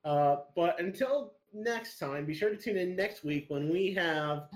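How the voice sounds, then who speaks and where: A man hosts a casual podcast in an easygoing way, often chuckling. His voice sits a little high and moves around a lot in pitch. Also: lively intonation, a little slow, few pauses, fairly bright tone. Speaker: podcast host. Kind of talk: casual chat.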